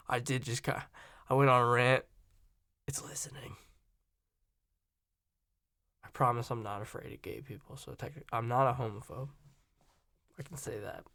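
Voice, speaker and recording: Gravelly-voiced American man rambling casually. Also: medium pitch, fairly even intonation, unhurried, pauses often, pushed and bright, no echo, studio quality. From Virginia and Florida, USA. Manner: opinionated, rambling, self-interrupting.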